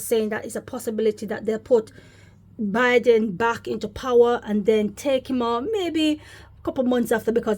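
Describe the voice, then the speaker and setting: A woman's voice: on the high side, darkish tone. Rambling woman vlogger preaching. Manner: rambling, repeatedly addresses viewers as brothers and sisters. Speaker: religious vlogger. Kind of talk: casual spoken religious commentary.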